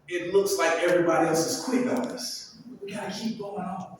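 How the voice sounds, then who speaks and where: A builder gives a storytelling talk to an audience in a large, echoey hall, with his high voice picked up from a distance along with a little hiss or hum. He speaks briskly with hardly any pauses, animatedly acting out voices and quoted exchanges from his stories and delivering faith-filled calls like a preacher.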